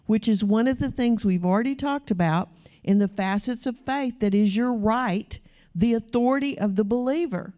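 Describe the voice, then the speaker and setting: A woman's voice: fairly high pitch, dull audio. A woman pastor preaching a sermon, telling stories and acting out the people in them. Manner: animated storytelling, acting out quotes.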